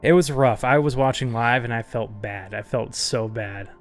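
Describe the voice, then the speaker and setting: A host of a casual streamed question-and-answer show, chatty and relaxed, laughing easily while reading out audience questions. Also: mid-range voice, moderate pace, faint music behind.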